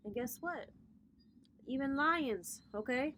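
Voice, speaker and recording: A woman's voice: fairly high pitch, animated, measured pace, sharp tone, slight background noise. A woman hosting a casual astrology vlog, giving a brash, profane pep talk and calling her viewers honey and baby. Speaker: spiritual reader and vlog host.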